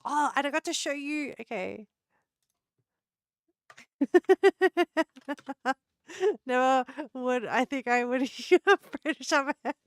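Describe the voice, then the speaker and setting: Woman streamer, giggly teaser, slightly high voice, dry close sound. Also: takes it slowly, pauses often, smooth, no room sound. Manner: giggly, playful teasing of chat. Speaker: live streamer. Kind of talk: casual live-stream chat.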